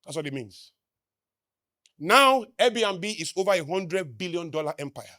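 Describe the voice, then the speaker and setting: Nigerian guy giving a motivational talk on stage, kinda high voice, dry close sound, loud then quiet, keeps asking the crowd questions. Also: lively intonation, a little slow, no echo. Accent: Nigerian English. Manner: emphatic, with rhetorical questions to the crowd; swings between loud declarations and low asides. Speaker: motivational speaker. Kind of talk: live stage talk to an audience.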